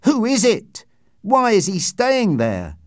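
A man's voice: high voice, wildly swooping pitch, slow pace, dry recording, clean studio sound, voice pushed up, heavily acted. A man doing a frightened old manservant. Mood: fearful. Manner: deferential, anxious, keeps saying sir. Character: frightened old male servant, long-serving, deferential.

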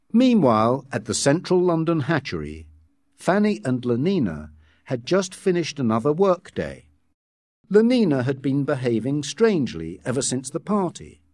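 Male narrator for a graded reader: slow, lively pitch, measured, dry close mic. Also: no echo. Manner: measured, expressive reading. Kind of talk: scripted story narration.

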